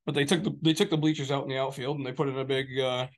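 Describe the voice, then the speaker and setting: A man's voice: mid-range voice, fairly even intonation, very fast. A man co-hosting a podcast, chatting casually in loose, meandering sentences full of fillers. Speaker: podcast co-host. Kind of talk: casual chat.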